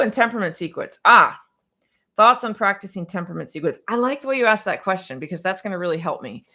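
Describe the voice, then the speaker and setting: A woman's voice: mid-range voice, animated, fast, bright, forceful tone. Chatty woman piano tech on a livestream. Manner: chatty and scattered, with many restarts and bursts of laughter. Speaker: piano technician answering livestream questions. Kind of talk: casual livestream Q&A.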